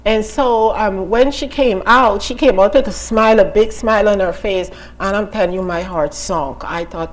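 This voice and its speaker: A woman's voice: mid-range voice, normal speed, few pauses, poor audio. A woman giving an informal sermon and testimony as a Bible teacher, talking conversationally with many asides and questions to her listeners.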